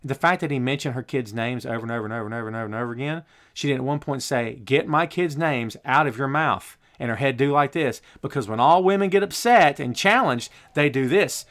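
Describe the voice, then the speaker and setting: A man's voice: mid-range voice, fast. A man hosting a wrestling talk show, giving blunt, opinionated commentary full of rhetorical questions. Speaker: show host.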